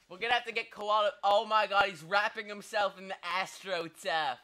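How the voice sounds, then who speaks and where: A young man plays a mock sports host, rambling through jokes and fake sponsor plugs before shouting over every goal. His voice is high and bright. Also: brisk, hardly any pauses. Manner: rambling, joking, bursts into excited shouts. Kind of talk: comedic mock sports commentary.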